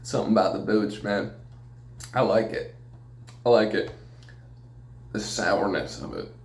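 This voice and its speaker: Low-voiced man rambling in a roomy space. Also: measured pace, slight background noise. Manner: rambling, profane, jokey, laughs often. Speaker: podcast host. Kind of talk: casual solo podcast monologue. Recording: echoey room.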